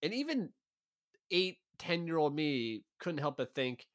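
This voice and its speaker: A man's voice: fairly high pitch, sing-song, unhurried. A man co-hosting a podcast, chatting casually with joking, self-deprecating banter. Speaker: podcast co-host. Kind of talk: casual chat.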